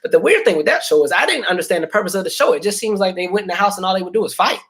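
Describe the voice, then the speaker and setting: A man in his thirties chatting with viewers on a livestream and telling stories in an animated, casual way. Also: high voice, rapid-fire. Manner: animated storytelling, many fillers. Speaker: livestream host.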